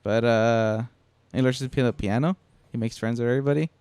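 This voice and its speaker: A man co-hosting a podcast in a casual chat, easygoing and quick to agree. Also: mid-range voice, fairly even intonation, darkish tone, clear, resonant tone, dry recording. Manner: easygoing, frequent agreeing "yeah". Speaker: podcast co-host.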